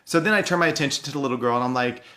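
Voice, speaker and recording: A man's voice: mid-range voice, sharp tone. Earnest man telling a true story. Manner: earnest, measured, pauses for effect. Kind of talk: personal storytelling.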